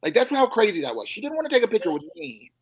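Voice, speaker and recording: A man's voice: high-pitched, sing-song, rapid-fire, breathy edge, no room sound. A man, a comedian, chatting casually on a live stream and telling self-mocking stories. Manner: playful, self-mocking storytelling. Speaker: stand-up comedian guest. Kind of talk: casual chat with joke telling. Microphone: live stream call.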